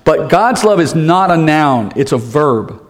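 A pastor preaching a conversational sermon, tossing in rhetorical questions and light jokes. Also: male voice, a little high, expressive, measured pace. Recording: long hall reverb.

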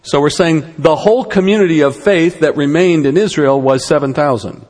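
A man's voice: on the high side, moderate pace, darkish tone, in a large hall. A man giving a conversational Bible lesson, with rhetorical questions and wry asides. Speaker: Bible teacher.

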